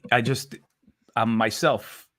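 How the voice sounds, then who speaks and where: Guest actor, man, Philly accent, relaxed and enthusiastic, talks with many fillers. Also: medium pitch, takes it slowly. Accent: Philadelphia. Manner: easygoing, enthusiastic, filler-heavy. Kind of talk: casual interview chat.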